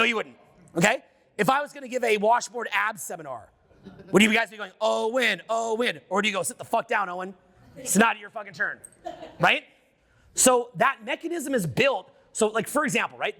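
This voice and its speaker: A man holds forth before a live audience, his high voice edged with gravel and a bright, forceful push. He fires question after question at the room and swears freely as he drives his points home. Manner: animated, questioning the crowd, profane. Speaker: seminar speaker. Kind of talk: live seminar talk to an audience. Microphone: unamplified handheld mic.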